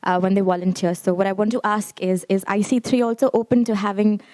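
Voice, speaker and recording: A woman's voice: mid-range voice, steady tone, fast talker, a little mellow. A woman in the audience asking a panel a polite, hesitant question. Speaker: audience member.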